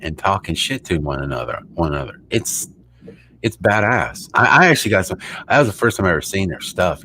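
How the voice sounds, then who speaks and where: A man's voice: deep voice, fairly bright tone, slight background noise. A man hosting a show, rambling and joking in casual chat, swearing freely. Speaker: host.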